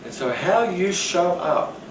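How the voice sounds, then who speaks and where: Guy teaching a workshop, rambly and animated, echoey room, off-mic with background noise. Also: high voice, slow. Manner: rambling, animated, acts out quoted voices. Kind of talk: teaching talk on rapport. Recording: roomy, distant, noisy.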